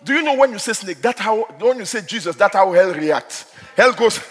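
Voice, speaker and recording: A male preacher giving an impassioned sermon, dropping to hushed asides and rising to shouts. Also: high voice, expressive, normal speed, big-room sound. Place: church hall.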